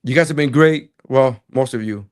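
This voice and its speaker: A man on a podcast telling a story from his comedy gig in a casual, animated way, acting out the dialogue. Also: medium pitch, normal speed, clear, resonant tone. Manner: animated, acts out dialogue in quotes.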